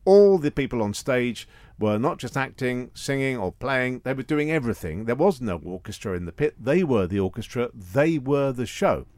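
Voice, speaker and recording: A man's voice: medium pitch, animated, normal speed, darkish tone, no room sound, studio quality. A man hosting a radio music show, introducing and interviewing a guest with emphatic enthusiasm.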